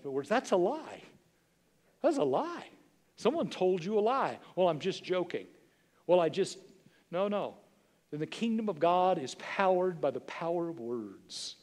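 A pastor in his sixties delivers an emphatic sermon. His voice sits a little high for a man and he leans on repetition and questions to the room. The sound carries a long reverb from the church hall. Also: a little mellow. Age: 60s. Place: church sanctuary.

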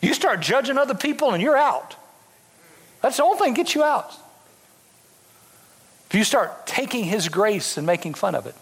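Brief: fervent male bishop preaching, high and very animated, in a long-reverb hall. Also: normal speed, pauses often. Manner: fervent, emphatic, repetitive. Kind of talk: sermon.

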